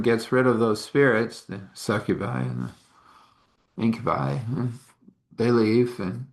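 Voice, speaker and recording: A man's voice: fairly low pitch, vocal fry. A man casually telling a story, rambling with conversational asides.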